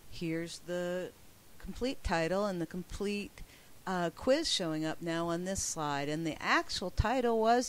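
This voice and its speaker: Lowish-voiced woman trainer, emphatic, upbeat webinar presenter. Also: lively intonation, unhurried. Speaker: professional development trainer. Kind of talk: recorded teacher training webinar.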